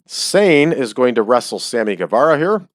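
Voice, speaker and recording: This streamer has hiccups as he plays a game and talks casually, cracking jokes with many ums. His mid-range, sing-song voice runs at normal speed, and the desk-mic recording is dry and studio quality.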